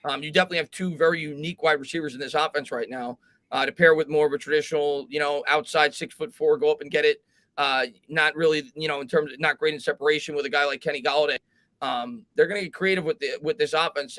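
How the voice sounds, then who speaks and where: A man hosting a live sports talk stream, his voice sitting a little above the usual male pitch. He reads viewer comments aloud and talks things through with restarts and fillers, recorded close and dry. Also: fairly even intonation, quick pace, fairly bright tone, no room sound. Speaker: host.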